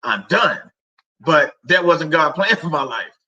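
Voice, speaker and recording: A middle-aged man talks about faith in a loose, rambling way, full of fillers and restarts. His voice is slightly high and very bright. The audio is a little dull and lo-fi. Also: moderate pace. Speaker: livestream host. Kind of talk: casual faith talk.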